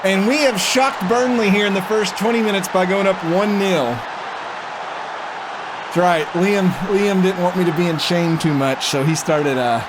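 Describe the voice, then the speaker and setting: Streaming a football management game, this man speaks in a high-pitched voice at normal speed, with background noise audible. His casual gameplay commentary mixes easygoing chat with reading the game's prompts aloud and reacting to them.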